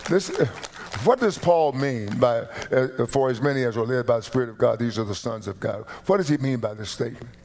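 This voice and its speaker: A man's voice: mid-range voice, brisk, gravelly, darkish tone, slight background noise. A middle-aged man preaching a sermon as pastor in a church, building to emphatic bursts of emphasis. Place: church sanctuary.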